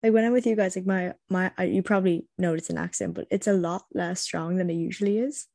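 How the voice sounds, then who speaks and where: A woman's voice: fairly low pitch, steady tone, fast talker, vocal fry, warm tone, no echo, studio quality. A woman in casual chat with fellow tabletop game players, hesitant and full of fillers. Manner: hesitant, many "like" fillers and restarts.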